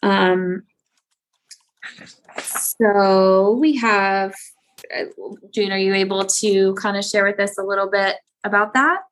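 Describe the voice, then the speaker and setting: A woman hosting an interview, asking gentle questions in halting phrases with restarts. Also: mid-range voice, fairly even intonation. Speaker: host.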